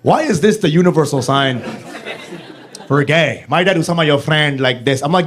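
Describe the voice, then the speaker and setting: A man's voice: a little high, lively intonation, fairly quick. A male stand-up comedian with a brash, crude, punchy delivery.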